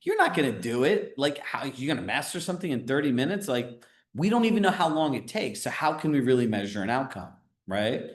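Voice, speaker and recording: A man coaching a group live on a video call, talking in a casual, energetic way and often checking in with "right?". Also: medium pitch, a little fast, echoey room. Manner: energetic, conversational, filler-heavy with frequent "right?". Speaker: real estate business coach.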